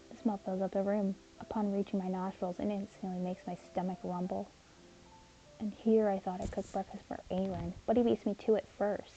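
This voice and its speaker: A woman narrating a first-person audio story as a caring, protective young man named Caleb, in an earnest, steady manner. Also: medium pitch, brisk, highs cut off, soft background music. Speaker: narrator and voice actor.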